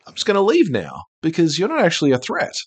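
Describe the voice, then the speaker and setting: A man's voice: fairly high pitch, wildly swooping pitch, fast talker, husky, pitched above the performer's own voice, heavily acted. A man voicing a smug, shapeshifting male dragon disguised as a dwarf in the style of a famous film actor. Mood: dismissive. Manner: smug, offhand, unbothered.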